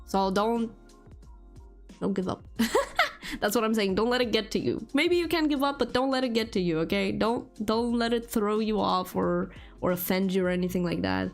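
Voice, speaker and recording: A woman's voice: medium pitch, lively intonation, normal speed, faint music behind. A woman with a non-native English accent, chatting casually with viewers on a live stream, giggling often. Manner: chatty, giggly, answers chat. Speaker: VTuber streamer.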